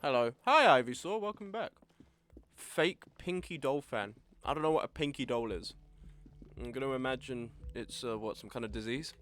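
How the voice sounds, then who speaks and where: A man's voice: mid-range voice, normal speed, fairly bright tone. A young man with a sore throat streaming a game, chatting wryly and reading chat aloud while he eats. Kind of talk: casual game stream commentary.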